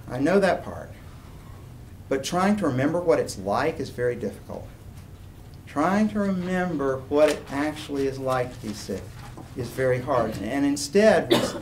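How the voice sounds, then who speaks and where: A man's voice: medium pitch, vocal fry. A man giving an informal university lecture, talking conversationally and drifting into personal anecdotes and asides. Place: lecture room. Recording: distant room recording with faint ambient noise.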